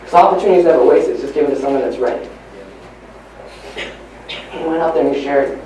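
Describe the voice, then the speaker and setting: A man's voice: on the high side, quick pace, a little hiss or hum. Man speaking in an echoey hall. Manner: storytelling, swings between hushed and emphatic. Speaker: motivational speaker. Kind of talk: motivational training talk. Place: large hall at a live training event. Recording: echoey live hall recording from far off.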